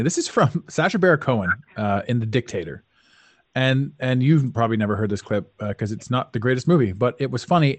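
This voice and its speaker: A man's voice: medium pitch, no echo. A male podcast host asking loose questions and chuckling in casual chat.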